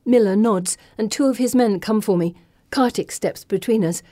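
Woman, audiobook narrator, mellow warm voice, dramatic and expressive, dry close recording. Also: mid-range voice, moderate pace, no echo. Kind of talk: scripted first-person narration.

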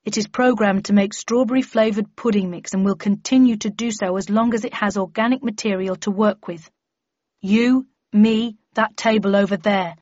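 A woman's voice: mid-range voice, steady tone, normal speed, darkish tone, dry recording, lightly acted. A woman voicing an earnest, fussy young male lab scientist who explains things carefully and matter-of-factly. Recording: slightly muffled lo-fi recording.

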